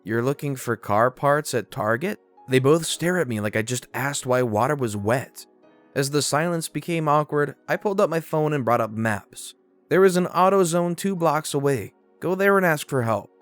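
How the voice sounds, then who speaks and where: Male storyteller, fairly high voice, lively sarcastic read of internet stories over faint music. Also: normal speed. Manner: animated, sarcastic commentary between stories. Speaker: narrator. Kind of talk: reading reddit stories aloud.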